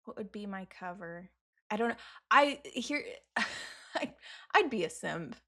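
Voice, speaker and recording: A woman's voice: mid-range voice, animated, slow, bright, forceful tone. A woman co-hosting a casual podcast, chatty and giggly, joking about herself. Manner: giggly, self-deprecating, chatty. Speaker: podcast co-host.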